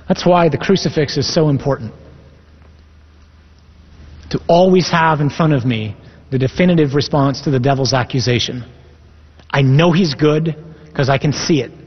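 Husky-voiced priest preaching a sermon. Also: male voice, on the high side. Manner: earnest, emphatic, reads scripture aloud. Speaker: Catholic priest. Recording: echoey hall, dull lo-fi sound.

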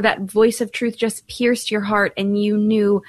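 A woman from Ireland co-hosting a Catholic radio talk show, chatty and quick, laughing easily. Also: medium pitch, little pitch movement, no room sound. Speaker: radio co-host.

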